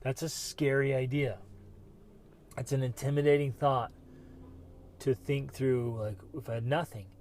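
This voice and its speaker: A middle-aged man hosting a motivational podcast, talking earnestly and breaking into bursts of excitement. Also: medium pitch, measured pace, long pauses, a little hiss or hum. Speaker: podcast host.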